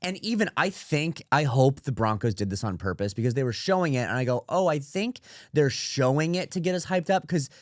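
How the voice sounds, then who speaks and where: A man co-hosting a casual sports podcast, telling stories in an animated, frustrated way. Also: medium pitch, brisk, dry recording. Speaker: podcast co-host.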